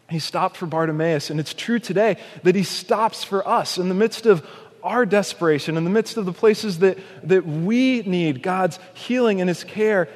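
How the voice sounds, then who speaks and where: A man with a high voice preaching a sermon in a church, with a long hall reverb trailing his words. He acts out desperate shouted cries, then slows and softens on his key points. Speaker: pastor.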